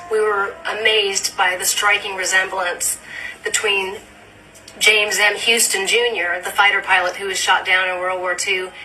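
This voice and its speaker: A woman's voice: mid-range voice, sharp tone, distant mic, low-quality recording. A woman, a mother, recounting in an interview with earnest animation. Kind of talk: interview recollection.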